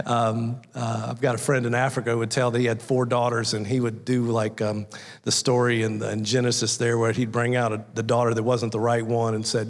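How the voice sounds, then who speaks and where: This guest preacher has a mid-range voice with little pitch movement, speaking at a normal rate. He gives a conversational sermon full of folksy stories, acting out small voices, and the church sanctuary lends a long hall reverb.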